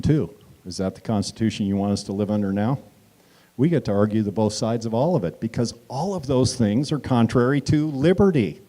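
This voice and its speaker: A man's voice: medium pitch, mellow. A man giving an impassioned speech at a town hall meeting, acting out quoted exchanges and addressing the audience directly.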